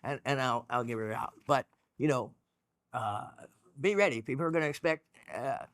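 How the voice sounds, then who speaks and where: A man's voice: medium pitch, normal speed, a bit bright, dry recording, clean studio sound. A man hosting a gemstone show, talking in a rambling, encouraging way with lots of fillers and restarts. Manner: chatty and encouraging. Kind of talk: casual educational talk.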